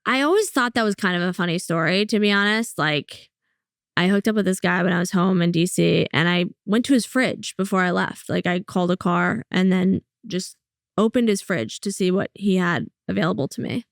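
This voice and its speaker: A young woman, a comedian talking casually and bluntly as a guest, telling stories and slipping in quick quoted asides. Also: on the low side, gravelly, no echo, clean studio sound. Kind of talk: casual interview chat.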